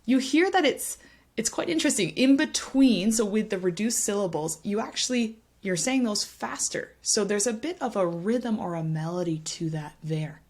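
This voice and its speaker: A woman teaching English pronunciation to camera, speaking clearly and patiently and tapping out rhythms to demonstrate. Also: mid-range voice, expressive, normal speed, darkish tone. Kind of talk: explaining a language lesson to camera.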